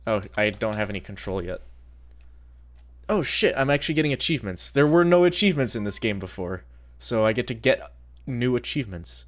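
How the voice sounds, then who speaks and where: Male streamer, casual rambling commentary, lively pitch, profane. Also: brisk. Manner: rambling, swearing, excitable.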